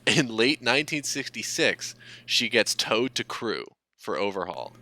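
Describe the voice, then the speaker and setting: A man's voice: medium pitch, very animated, measured pace, pushed and bright, rough recording. A man co-hosting a podcast, recounting facts in a matter-of-fact, casual way. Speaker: podcast co-host. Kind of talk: casual chat, recounting history.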